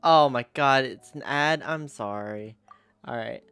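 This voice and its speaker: A man's voice: mid-range voice, a little slow, a bit bright, clean tone, no room sound, faint music behind. A male streamer chatting casually and giggling often while playing a game. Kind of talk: casual gaming stream chat.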